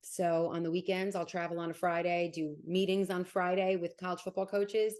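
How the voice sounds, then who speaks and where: A woman in her forties with a New Jersey accent, a sports broadcaster talking quickly and animatedly as an interview guest. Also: on the low side, little pitch movement, a little mellow. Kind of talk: casual interview.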